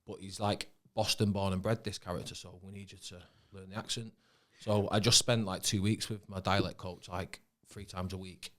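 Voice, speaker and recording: Mancunian bloke on a podcast, lowish voice, laid back, swears a bit. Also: male voice, normal speed, few pauses. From Manchester. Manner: relaxed, swears casually, trails off mid-sentence. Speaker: actor and podcast guest. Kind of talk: casual podcast chat.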